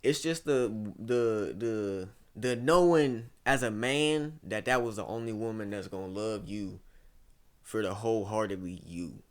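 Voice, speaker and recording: A young man from Ohio in his twenties talks casually as an interview guest. His voice sits a little low, and he rambles through stories, dropping "bro" into nearly every sentence. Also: a little slow. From Ohio, USA. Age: 20s. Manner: rambling storytelling, peppered with "bro".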